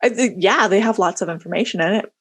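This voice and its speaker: A woman co-hosting a podcast in casual chat, talking in a chatty, animated way with many restarts. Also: mid-range voice, fast talker, slightly rough. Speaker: podcast co-host.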